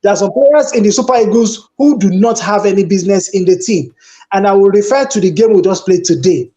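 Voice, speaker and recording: Mellow-voiced pundit, emphatic. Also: male voice, sits high, brisk. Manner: emphatic, storytelling, exasperated. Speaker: sports pundit. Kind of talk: animated sports debate.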